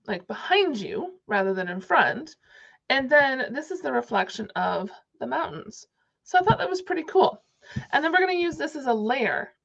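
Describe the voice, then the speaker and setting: A woman's voice: sits high, vocal fry, muffled recording. A woman giving a casual, chatty crafting tutorial, thinking aloud as she works. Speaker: card-making demonstrator.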